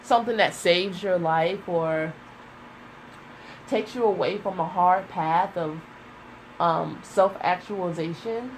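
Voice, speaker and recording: A woman's voice: fairly low pitch, slow, slight background noise, poor audio. A woman giving a casual tarot reading, emotional and searching, close to tears and hesitating often. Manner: emotional, searching, with many fillers. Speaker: tarot reader.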